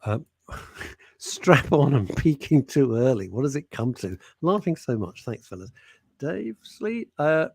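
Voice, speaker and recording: A man's voice: mid-range voice, very animated, measured pace, creaky, a little mellow, husky, no echo, studio quality. A British man hosting an internet radio show, bantering and teasing, reading out listener comments in a casual chat.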